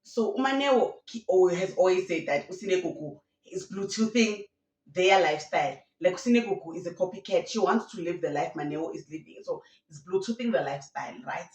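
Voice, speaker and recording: A woman tells gossip stories on her channel in a chatty, animated way, mixing in local slang. Her voice comes from a little way off the mic, in a room with a noticeable echo. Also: on the low side, a little fast, recorded from a distance. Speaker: YouTube commentator. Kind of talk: casual gossip commentary. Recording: roomy sound from away from the mic.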